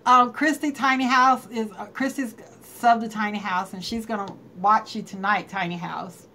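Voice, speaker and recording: A woman's voice: on the high side, fairly even intonation, moderate pace, pushed and bright, a little hiss or hum. A woman hosting a casual live stream, chatting and greeting viewers by name and laughing often. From North Carolina.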